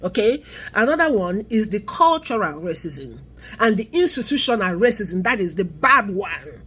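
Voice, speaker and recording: A woman's voice: medium pitch, sing-song, a bit bright, slightly rough. A middle-aged woman with a Nigerian accent, speaking her mind in an impassioned vlog and leaning hard on key words. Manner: emphatic, drawn-out stresses on key words. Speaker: vlogger. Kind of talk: impassioned social commentary.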